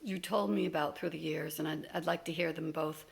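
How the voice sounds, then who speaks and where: A woman with a fairly low, gravelly voice asks short, gentle questions that prompt the storyteller along. She keeps to a plain interview manner. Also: fairly even intonation, a little fast. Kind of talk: oral-history interview questions.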